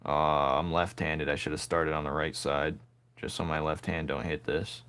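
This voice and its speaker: Man, very low voice, laid-back, teasing, drawing commentary. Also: fairly even intonation, moderate pace, a bit bright. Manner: laid-back, teasing, talks to himself while he works. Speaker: artist drawing on camera. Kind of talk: casual commentary while drawing.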